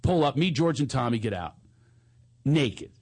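A man's voice: medium pitch, measured pace, vocal fry, husky. A man telling a funny story in casual chat, laughing often and acting out the other people's lines. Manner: animated, laughing storyteller who acts out the parts.

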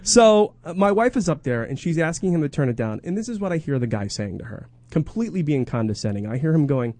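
A man spins a comic story in easy, casual talk. His voice sits a bit high and swings widely in pitch, jumping into exaggerated voices for the people he quotes. The sound is dry and close. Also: fast, no room sound. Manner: animated, does exaggerated high voices when quoting people.

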